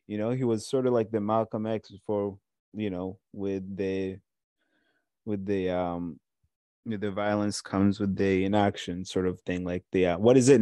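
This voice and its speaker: A man's voice: lowish voice, a little mellow, no echo. A man from Watertown co-hosting a podcast, talking casually and rambling, with lots of fillers and restarts. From Watertown, Massachusetts. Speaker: podcast co-host. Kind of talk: casual chat.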